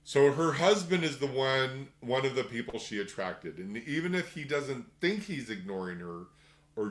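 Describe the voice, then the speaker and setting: A middle-aged man leads a workshop in an easygoing, conversational way. His voice sits at an ordinary middle pitch and carries a noticeable room echo. Now and then he slips into quick put-on voices to act out little scenes. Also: fairly bright tone. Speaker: workshop teacher. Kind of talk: casual spoken lecture. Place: room with a group.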